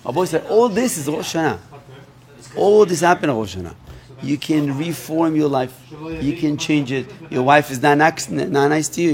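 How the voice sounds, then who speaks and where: Animated man telling a sermon story. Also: normal speed. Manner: animated retelling, acting out dialogue with big pitch swings. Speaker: rabbi.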